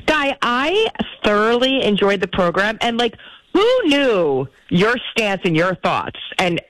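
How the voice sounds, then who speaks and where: A woman's voice: mid-range voice, slow, no echo, low-quality recording. A woman, the show's producer, telling stories in casual podcast chat and laughing often. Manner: laughs often, animated storytelling. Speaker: producer of the show.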